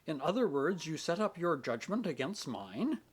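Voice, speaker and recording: A man's voice: on the high side, big pitch swings, normal speed, husky, pitched above the performer's own voice. A man voicing a proud, stern middle-aged minister who reproaches his daughter with irony in an audiobook. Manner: stern, ironic, authoritative. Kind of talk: audiobook character reading.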